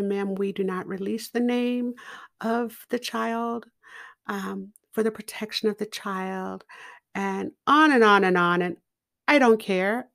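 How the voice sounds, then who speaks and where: A middle-aged woman telling a personal story in a slow, deliberate and expressive way, laughing now and then. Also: mid-range voice. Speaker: podcast guest speaker.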